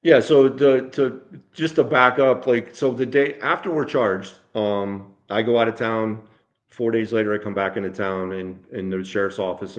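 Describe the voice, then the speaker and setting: A middle-aged man, a former police sergeant, telling a story in an interview with blunt, profane language, acting out the dialogue he quotes. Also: on the low side.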